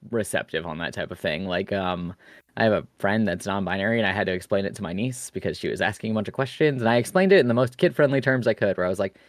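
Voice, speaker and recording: A young man chatting casually as a stream guest, relaxed and agreeable, full of filler words. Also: fairly low pitch, fast, no echo, studio quality. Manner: relaxed, agreeable, filler-heavy, acts out quoted parents. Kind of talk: casual chat.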